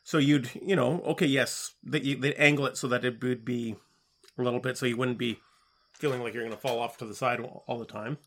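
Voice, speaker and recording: A man's voice: medium pitch, steady tone. Hesitant middle-aged man musing aloud. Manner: hesitant, halting, with many restarts. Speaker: podcast co-host. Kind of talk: casual chat.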